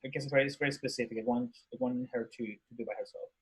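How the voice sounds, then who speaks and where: A man moderating an online workshop, briskly keeping time and handing the mic to participants. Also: mid-range voice, steady tone, low-quality recording. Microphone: video call.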